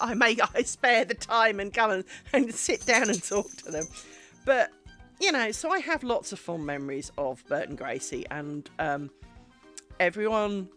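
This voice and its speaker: A woman streamer telling a rambling, animated story in casual chat while she works on a craft. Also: lowish voice.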